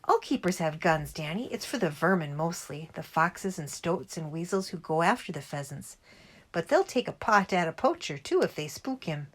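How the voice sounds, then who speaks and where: A woman voicing a cheerful middle-aged father who loves telling tales, lively and relishing every word. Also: lowish voice, moderate pace. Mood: storytelling.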